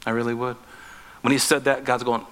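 A man preaching a sermon, telling Bible stories with lively, acted-out quotes and chuckles. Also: medium pitch, fairly quick. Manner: animated storytelling, acting out scripture quotes, chuckling. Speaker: pastor.

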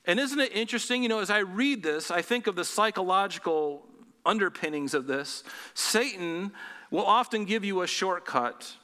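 A man preaching a sermon as pastor, animated and full of rhetorical questions. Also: high-pitched, moderate pace, long reverb tail.

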